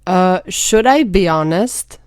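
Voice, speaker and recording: Brief: woman from Albania, podcast co-host, deadpan humor, unsure fillers, dead dry sound. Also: on the low side, slow pace, no echo. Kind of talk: casual chat.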